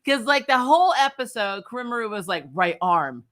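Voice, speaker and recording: Woman reviewer, casual and chatty, laughs a lot, bright voice. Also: on the high side, quick pace. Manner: chatty and animated, laughs often, many fillers. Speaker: anime review vlogger.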